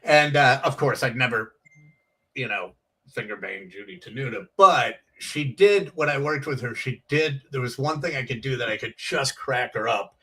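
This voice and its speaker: Bright-voiced man telling stand-up stories. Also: mid-range voice, normal speed, distant mic, rough recording. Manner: animated storyteller, acts out quoted voices. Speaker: comedian guest. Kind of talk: casual storytelling.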